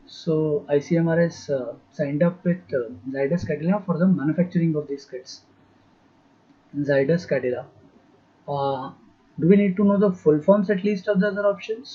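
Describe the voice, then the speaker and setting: A man with a somewhat high, husky voice gives an exam prep lesson, repeating each term slowly so students can copy it down and spelling words out letter by letter. He fills his pauses with "uh." The recording sounds dull and lo-fi. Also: warm tone. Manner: frequent "uh" fillers. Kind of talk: dictation-style lecture.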